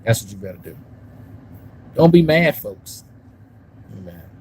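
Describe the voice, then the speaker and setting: Here the commentary streamer's voice sits lowish, swinging widely in pitch, unhurried and a little mellow, over slight background noise and poor audio. He rambles and swears to his YouTube chat on a casual live stream, moving from a park to a parked car.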